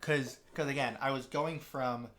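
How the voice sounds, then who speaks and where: A young podcast guest rambles through a long story in casual conversation, restarting often and acting out what other people said. His voice sits in the mid range, fairly bright in tone, with fairly even intonation and a slightly slow pace.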